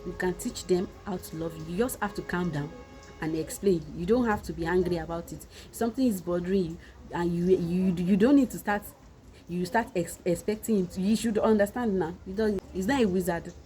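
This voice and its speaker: A woman's voice: fairly low pitch, a little fast, mellow, faint music behind, poor audio. A woman with a Nigerian Yoruba accent, giving earnest, repetitive marriage advice in a casual monologue.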